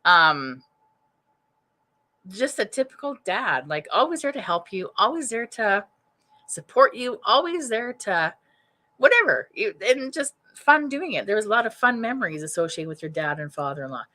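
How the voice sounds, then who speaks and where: A woman's voice: mid-range voice, very animated, moderate pace, pushed and bright. Chatty woman giving a psychic reading. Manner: rambling, chatty, thinks aloud with many restarts. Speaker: psychic medium. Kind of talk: live-streamed mediumship reading. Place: home, streaming live. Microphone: webcam or computer mic.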